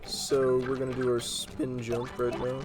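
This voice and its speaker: A man casually commenting on his video game playthrough, relaxed and rambling with plenty of fillers. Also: medium pitch, unhurried, rough recording. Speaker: let's play host. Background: game music.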